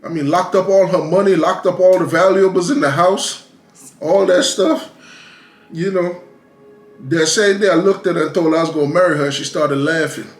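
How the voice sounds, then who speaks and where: A man's voice: sits high, steady tone, moderate pace, reverberant, soft background music. A man with a Jamaican accent, a husband on a family vlog, cutting in with dry, teasing quips during casual chat.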